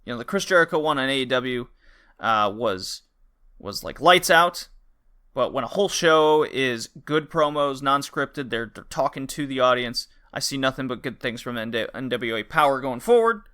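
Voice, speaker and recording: A young man hosting a podcast, chatting loosely with quick asides and laughs. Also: medium pitch, lively intonation, bright, forceful tone, clear, resonant tone. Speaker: podcast host. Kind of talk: casual chat.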